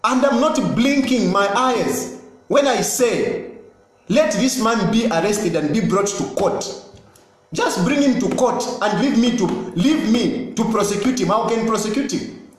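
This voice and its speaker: A man's voice: high-pitched, expressive, measured pace, heavy reverb, rough recording. A man, a politician, making an insistent, emphatic political statement and repeating his points. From Zambia.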